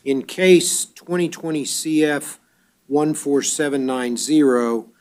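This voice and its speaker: A man presiding as judge at a court bond hearing, reading charges briskly and dropping dry wisecracks. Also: fairly high pitch, darkish tone.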